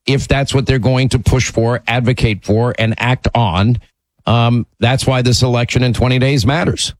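A man's voice: mid-range voice, no room sound, poor audio. A man hosting a call-in talk radio show, speaking emphatically and conversationally from a studio mic.

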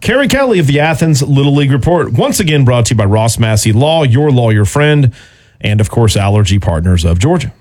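A man's voice: mid-range voice, sing-song, brisk, a little mellow. A male radio host in casual chat. He jokes and teases his guest lightly. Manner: jokey, teasing.

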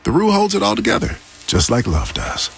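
A man's voice: sits high, wildly swooping pitch, a little fast, vocal fry, a little hiss or hum, exaggerated voice. A man playing a patient father who is teaching his child to cook the family gumbo in a scripted radio ad. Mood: gentle.

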